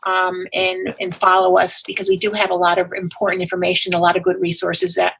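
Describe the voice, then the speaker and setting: A woman's voice: a little fast, gravelly, slightly rough, low-quality recording. A woman guest in a casual interview, telling a story and acting out the dialogue with big jumps in her voice. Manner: animated, acts out quoted dialogue with big pitch jumps. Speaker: guest, patient advocate.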